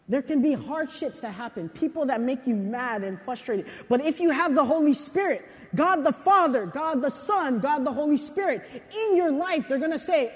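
A young adult man preaching a sermon in a casual, confessional way, with animated asides and personal stories. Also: very high-pitched, normal speed, few pauses. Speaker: pastor. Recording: long hall reverb.

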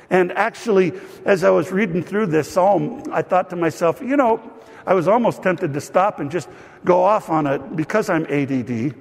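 A man preaching a sermon as pastor, telling stories with lively asides to the congregation. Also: high-pitched, slightly rough. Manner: animated storytelling with asides. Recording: long hall reverb.

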